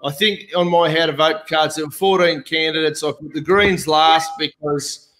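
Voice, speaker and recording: An Australian man talks politics in a loose, casual chat. His voice sits high for a man, and he is blunt, swearing hard and mocking the people he disagrees with. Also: fairly even intonation, normal speed, a bit bright, slight background noise, poor audio. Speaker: host.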